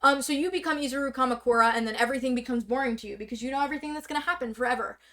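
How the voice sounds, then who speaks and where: A woman's voice: high-pitched, bright, forceful tone. Rambling woman recapping on stream. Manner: rambling, filler-heavy, bursts of rapid talk. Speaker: stream guest presenting slides. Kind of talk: casual explaining to a streamer. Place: streaming setup indoors.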